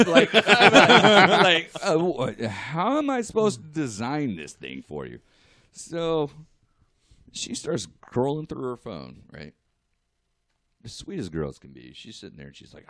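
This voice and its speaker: A man's voice: fairly low pitch, measured pace, no echo. A man, a guest artist, telling a story in casual podcast chat, laughing and acting out what others said. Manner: animated, laughing, acts out quotes.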